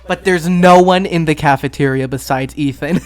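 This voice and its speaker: A man's voice: on the high side, normal speed, clean tone. A man casually reviewing a musical film with a friend late at night. He rambles, often giggling, swears freely, and retells scenes in quoted voices. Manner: full of fillers and profanity. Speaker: movie reviewer.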